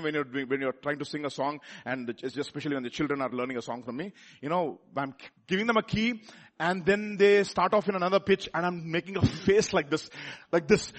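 A male preacher delivers his sermon in a husky voice. His pitch sits high and leaps about widely as he drops into soft asides and questions the congregation. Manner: emphatic, swings from loud exclamations to soft asides, asks the audience questions.

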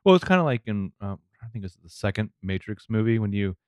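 A man's voice: lowish voice, sing-song, fast talker, clean tone, no echo, studio quality. A man co-hosting a casual movie review podcast, dropping wry jokes and asides. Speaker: podcast co-host.

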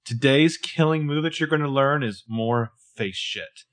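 A man's voice: medium pitch, a little slow, fairly bright tone. A man co-hosting a casual recap chat, joking and profane, often acting out characters' lines in quotes. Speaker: podcast co-host.

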